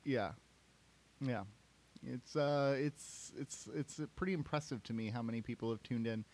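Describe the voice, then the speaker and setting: A man's voice: mid-range voice, a little mellow. Laid-back guy cohosting a podcast in his garage, chatty, laughs a lot. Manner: easygoing, laughs easily, halting restarts. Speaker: podcast co-host. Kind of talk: casual chat. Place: home garage studio. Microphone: podcast soundboard mic.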